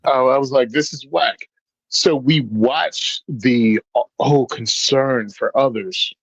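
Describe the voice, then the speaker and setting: A man's voice: mid-range voice, takes it slowly, breathy edge, no room sound, lo-fi sound. A man telling stories in casual chat as a podcast guest, acting out the voices of the people he quotes. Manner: animated storyteller, acts out quoted voices.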